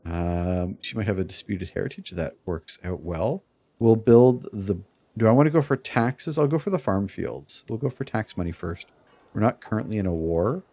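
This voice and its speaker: A man with a fairly low voice talks through his strategy game as a let's play. He chuckles often and sounds playfully scheming as he explains his moves. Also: vocal fry, mellow. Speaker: streamer playing a strategy game.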